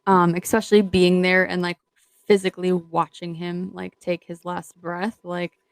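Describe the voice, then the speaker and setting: A woman co-hosting a podcast in casual chat, speaking hesitantly with many fillers and trailing off softly. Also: lowish voice, flat delivery, moderate pace, creaky, smooth, no echo. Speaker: podcast co-host.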